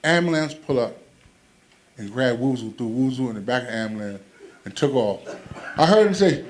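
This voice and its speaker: A man's voice: mid-range voice, expressive, moderate pace, pauses often, noisy background. A man doing a stand-up comedy set, telling stories animatedly and acting out quoted voices.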